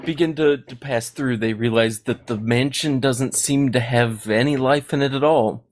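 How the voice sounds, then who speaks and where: A man narrating a comedic tabletop story as game master, halting and laughing at his own jokes. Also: medium pitch.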